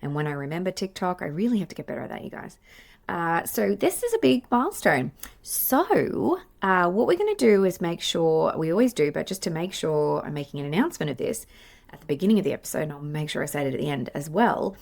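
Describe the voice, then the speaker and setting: This Australian play therapist in her forties runs a solo podcast, her casual talk effusive and meandering. Her voice sits on the low side, gravelly and darkish, and she speaks briskly with lots of animation into a podcast mic.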